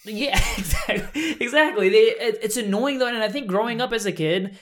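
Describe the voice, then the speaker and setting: A young man co-hosting a podcast in casual chat, with soft R sounds, laughing often and rambling. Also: high-pitched, expressive, normal speed, a crowd in the background. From South Carolina. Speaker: co-host.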